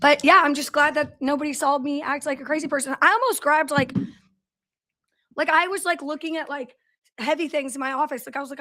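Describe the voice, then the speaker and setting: A woman's voice: sits high, a little fast, pushed and bright. A woman hosting a casual company livestream from her office, greeting viewers by name and telling stories in a chatty way. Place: office in a large factory building.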